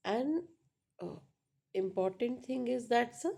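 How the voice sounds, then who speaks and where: A woman with a fairly high, warm, creaky voice and lively intonation teaches pronunciation slowly. As an English teacher she's patient, repeating points in a classroom-style explanation full of "right?" and "uh."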